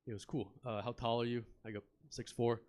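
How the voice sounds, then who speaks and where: At a comedy club, a young man does stand-up into a handheld mic, his middle-pitched voice a little mellow and his delivery flat, fairly quick, loose, and chatty. Laid-back, he throws easy banter at the crowd between stories.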